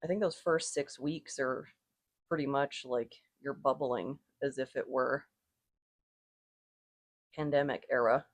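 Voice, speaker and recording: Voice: mid-range voice, a little slow, pauses often, no echo. A tarot and rune reader chatting casually to viewers, thinking aloud, correcting themself and chuckling now and then. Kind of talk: casual spoken reading to viewers.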